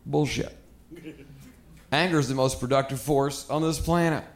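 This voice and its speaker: A man's voice: mid-range voice, fairly even intonation, moderate pace, echoey room. A man doing a blunt, profane stand-up comedy set, ranting about anger.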